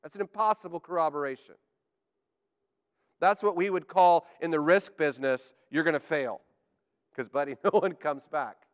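A man preaching a sermon to a congregation, animated and joking, building up to emphatic declarations. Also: fairly high pitch, moderate pace, clean tone. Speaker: pastor. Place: church sanctuary. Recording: church hall with long reverb.

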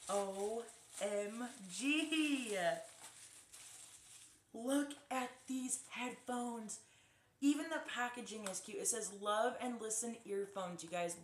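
A woman's voice: mid-range voice, a little hiss or hum. A woman chatting casually to her phone camera as she opens fan mail, gushing and exclaiming over each gift. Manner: gushing, excitable, lots of exclamations. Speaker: vlogger opening fan mail. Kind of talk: casual unboxing chat to camera. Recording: echoey room.

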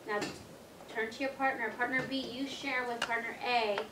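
A woman teaching first graders, giving slow, clear instructions to the class. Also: a little high, steady tone. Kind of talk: classroom lesson. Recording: echoey classroom, distant mic, noisy.

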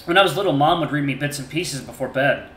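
A man's voice: fairly high pitch, fast, a bit bright, slight background noise. A man reading a story game aloud in first person, earnest and emotional, now and then restarting a phrase. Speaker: game streamer. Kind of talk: reading a visual novel aloud. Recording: roomy echo.

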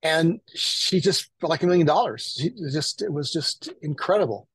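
An older man spins a long story in a husky, slightly breathy voice. He talks casually and acts out the other people's lines as he goes. The sound is dry and close. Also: fairly high pitch, moderate pace, no room sound, rough recording. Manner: animated anecdotal, acts out quotes. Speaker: photographer guest.

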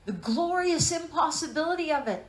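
A woman's voice: high-pitched, animated, normal speed. A woman Bible teacher giving a sermon, telling personal stories in an earnest, emotional way. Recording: echoey room.

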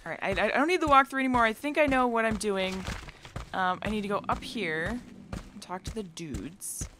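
A woman's voice: medium pitch, moderate pace, a bit bright, slight background noise. A woman hosting a let's play, chatting playfully and casually as she plays and now and then breaking into song. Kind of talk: casual gameplay commentary. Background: game music.

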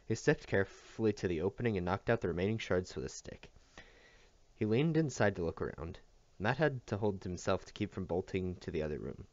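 Man, audiobook reader, expressive, very low voice, dry muffled sound. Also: fairly quick, no room sound. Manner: expressive storytelling. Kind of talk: scripted narration. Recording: dull dry recording.

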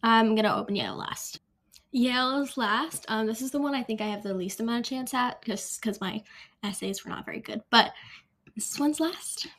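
A teenage girl talks straight to camera in a casual vlog. Her voice sits a little high, and she speaks loosely with plenty of ums. She narrates each thing she does as she goes. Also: normal speed, fairly bright tone. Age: late teens. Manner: chatty, many filler ums, talks through each step. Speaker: vlogger opening college decisions.

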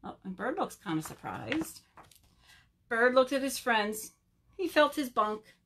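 Woman, librarian, story time for kids, animated, slow, high, lively. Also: vocal fry, a little hiss or hum. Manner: animated, slow, talks to children. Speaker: children's librarian. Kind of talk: virtual story time reading.

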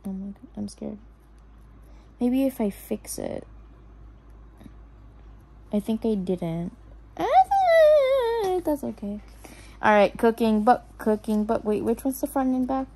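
A woman's voice: mid-range voice, measured pace, gravelly, pauses often, warm tone, breathy edge, low-quality recording. A woman vlogger chatting casually to herself as she unboxes and builds a toy house, nervous and fretting that she will mess it up. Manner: nervous, self-talking, keeps saying she is scared. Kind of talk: casual unboxing and crafting commentary.

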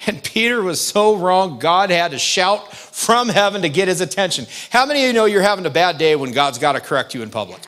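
A pastor delivers a sermon in a high, bright-sounding male voice. He talks like he is chatting with the room, stressing key points firmly and tossing quick questions at the congregation. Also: very animated. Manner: conversational, emphatic preaching with asides to the congregation.

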